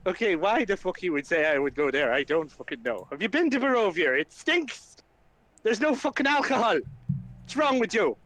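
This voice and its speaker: A man's voice: on the high side, very animated, fast, hardly any pauses, no room sound. A man voicing a rude, hard-drinking hero who swears and brushes people off. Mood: scornful. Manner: swearing, dismissive, loud.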